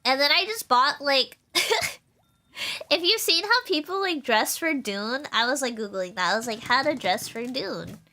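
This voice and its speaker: A woman's voice: high-pitched, lively intonation, moderate pace, bright, forceful tone. A young woman streaming, chatting casually in a rambling way, with lots of fillers and laughter. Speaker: VTuber streamer.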